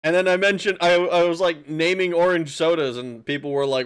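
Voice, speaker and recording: A man's voice: on the high side, steady tone, brisk, clear, resonant tone. A man streaming a game, chatting casually with his viewers, reading out chat, laughing and swearing, with frequent restarts.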